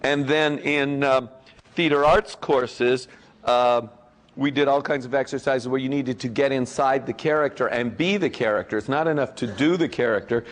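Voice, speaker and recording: A man's voice: mid-range voice, normal speed. Rambling, joking man giving a convention speech. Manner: rambling, joking, self-interrupting with fillers. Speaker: guest of honor speaker.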